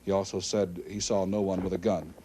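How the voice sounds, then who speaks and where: Out-of-breath male news anchor, urgent live delivery, lowish voice, faint hiss of an archive broadcast. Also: flat delivery, a little fast, dark tone. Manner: urgent, reading bulletins aloud.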